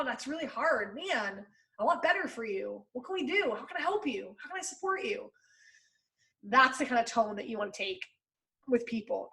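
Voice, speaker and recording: A woman's voice: fairly high pitch, fairly bright tone. A woman hosting her own podcast, giving casual and encouraging sales advice in a conversational way. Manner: conversational and encouraging, lots of fillers. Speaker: podcast host and sales coach.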